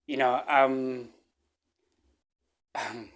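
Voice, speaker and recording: A man from Africa, telling a personal story to his viewers in halting speech full of fillers, restarts and repeated phrases. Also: mid-range voice, fairly even intonation, fairly bright tone. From South Africa. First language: a local South African language. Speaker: vlogger.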